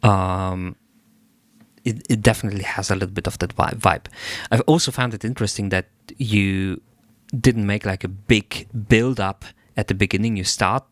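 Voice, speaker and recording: A man hosting a livestream, thinking aloud in an unhurried way as he gives feedback on a listener's track. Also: on the low side, steady tone, dry recording. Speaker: music producer giving track feedback.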